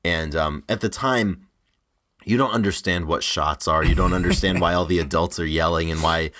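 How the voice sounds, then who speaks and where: This podcast co-host, a man in his twenties, has a low voice that is a bit bright, and he talks at a moderate pace. His casual stories wander, full of restarts and frequent laughter.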